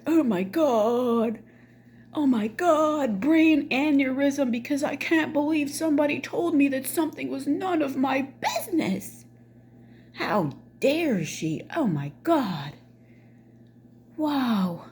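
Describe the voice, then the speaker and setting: A woman's voice: high voice, expressive, slow pace, a little mellow, slight background noise, voice pushed up. A woman putting on a self-righteous middle-aged mother, mocking her exaggerated outrage in a raised voice. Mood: outraged.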